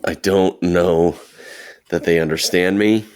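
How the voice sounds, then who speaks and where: A man playing a tabletop game, talking in a relaxed, hesitant way. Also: deep voice, slow, clear, resonant tone. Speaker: player. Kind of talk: casual tabletop play.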